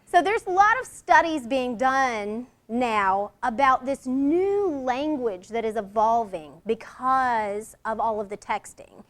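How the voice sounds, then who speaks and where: A middle-aged woman leads a workshop in a conversational presentation. Her voice sits high, and she acts out short example lines in different tones to make a point. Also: lively intonation, slow, hardly any pauses. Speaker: workshop leader.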